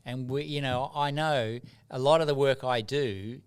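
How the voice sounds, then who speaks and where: A middle-aged man, a doctor and rites of passage mentor, guests on a podcast and reflects through earnest, animated stories, often restarting his sentences. His voice is medium-pitched, clean in tone and measured in pace.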